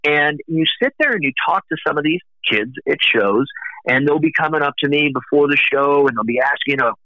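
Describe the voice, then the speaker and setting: A man's voice: a little high, lively intonation, fairly quick, no echo. A middle-aged man in casual conversation about the music business, telling long rambling anecdotes. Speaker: music industry guest. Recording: dull dry lo-fi recording.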